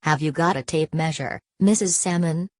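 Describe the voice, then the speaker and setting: A reserved, terse gentleman, as a woman narrator reads him, answering briefly. The low voice is close and dry. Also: normal speed, dry recording, close to an everyday voice.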